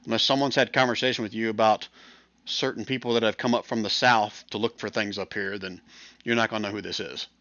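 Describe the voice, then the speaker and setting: Bright-voiced man running a tabletop game. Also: lowish voice, fast, no room sound, lo-fi sound. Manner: relaxed, many fillers. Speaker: game master.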